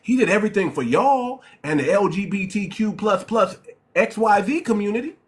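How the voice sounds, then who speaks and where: This New York man, host of a live-stream debate, lectures with emphasis, says the same things repeatedly, and keeps using "ma'am." He has a high voice and lively intonation and speaks at normal speed.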